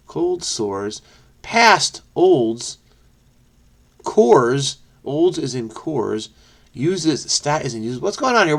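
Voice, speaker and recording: A man talking himself through a crossword in a casual, think-aloud way. His voice sits a little high for a man. He drops into low mutters over the clues, then jumps up in sudden excited bursts when an answer clicks. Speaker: crossword solver, channel host.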